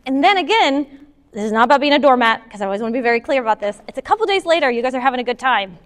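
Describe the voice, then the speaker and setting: High-voiced woman giving a talk in a hall. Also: very fast. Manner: casual, animated, acts out quoted partners. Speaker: speaker at a moms' group talk. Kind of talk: live talk with audience questions. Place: meeting hall with an audience. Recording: long hall reverb.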